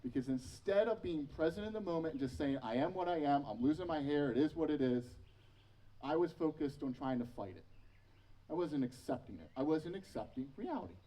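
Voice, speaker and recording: A man's voice: on the high side, lively intonation, brisk, warm tone, far from the mic, rough recording. A man in his thirties preaching a sermon as pastor, telling personal stories with self-mocking humor. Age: 30s.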